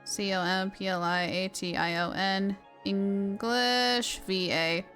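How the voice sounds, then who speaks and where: A woman's voice: mid-range voice, steady tone, takes it slowly, a bit bright, soft background music. A young woman streaming a game, chatting casually and self-mockingly with viewers while she plays. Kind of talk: casual live-stream chat while gaming.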